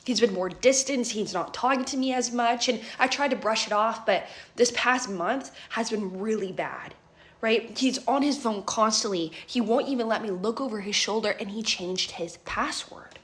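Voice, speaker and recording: A woman's voice: a little high, normal speed, fairly bright tone, natural voice. A woman voicing her tearful, heartbroken friend in her twenties, who stammers and trails off with a pleading "okay?". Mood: subdued, tearful. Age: 20s.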